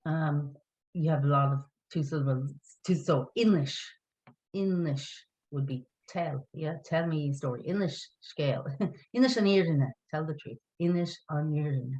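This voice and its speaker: A woman's voice: low voice, normal speed, darkish tone, highs cut off. A woman teaching an online language lesson, patient and encouraging, spelling words out letter by letter.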